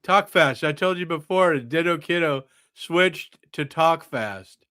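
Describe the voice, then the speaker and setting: A man's voice: a little high, slow pace, bright, forceful tone, dry recording. A man hosting a casual podcast, rambling off into absurd tangents. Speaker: podcast host.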